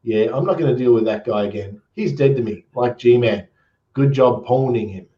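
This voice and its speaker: A man with an Australian accent hosting a casual chat, joking and quick with asides. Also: mid-range voice, warm tone, echoey room, lo-fi sound. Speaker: host.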